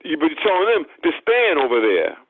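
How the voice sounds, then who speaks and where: Preacher, male, slightly higher voice, emphatic and repetitive, dry phone-like audio. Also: very animated, fairly quick, no echo. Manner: emphatic, repeats phrases for stress. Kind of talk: sermon. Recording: tinny phone-like sound.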